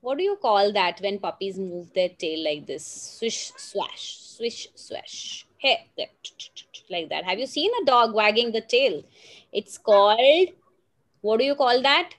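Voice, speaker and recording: A woman's voice: mid-range voice, animated, a little slow. A woman teaching young children phonics, sounding out words and telling a simple story in a patient, coaxing way. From India.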